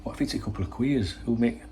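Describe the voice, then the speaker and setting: Man, casual football rant, rhetorical questions, mid pitch. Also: a little fast, warm tone, a little hiss or hum. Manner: rambling, rhetorical questions, swears freely. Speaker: football channel host. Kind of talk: casual opinion monologue.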